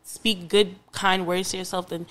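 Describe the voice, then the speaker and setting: Bright-voiced young woman chatting on a podcast. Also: lowish voice, level tone, normal speed. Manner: rambling, restarts often, laughs a lot. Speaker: podcast guest. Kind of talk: casual podcast chat.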